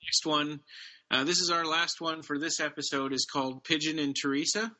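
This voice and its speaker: A man's voice: on the high side, moderate pace, sharp tone, low-quality recording. A man co-hosting a podcast, casually retelling a short story with plenty of ums and restarts. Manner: retells stories loosely, with many fillers. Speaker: podcast co-host. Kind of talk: casual chat about books.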